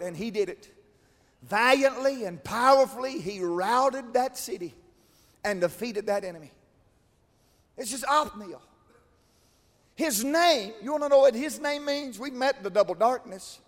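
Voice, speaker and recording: A preacher with a strikingly high voice delivers a sermon, rising into shouted, sung-out climaxes before falling back to quiet asides. His voice rings with the long reverb of a large church hall. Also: expressive, measured pace, pauses often. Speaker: pastor.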